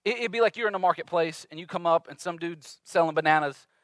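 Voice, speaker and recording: A male pastor in his thirties preaching a sermon in a conversational, animated way, acting out little voices in his stories. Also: fairly high pitch, fast, no echo.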